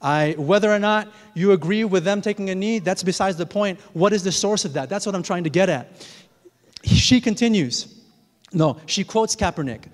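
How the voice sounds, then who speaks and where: High-pitched guy preaching a sermon, earnest, lots of echo from a big church hall. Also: normal speed. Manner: earnest, rises to emphatic peaks. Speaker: pastor. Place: large church sanctuary. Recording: long hall reverb.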